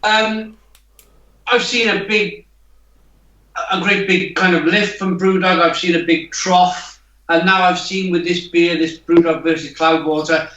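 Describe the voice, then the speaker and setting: A man's voice: high voice, fairly even intonation, measured pace, pushed and bright, dull audio. A British guest in a casual podcast chat, polite and hesitant as he puts a question. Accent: British English. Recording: roomy sound from far off the mic.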